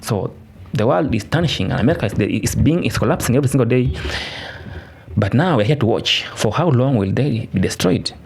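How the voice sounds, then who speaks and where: A man's voice: mid-range voice, animated, brisk, creaky, darkish tone, slight background noise. A man narrating a political commentary, emphatic and repetitive, with restarts. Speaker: channel narrator. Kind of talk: commentary voice-over.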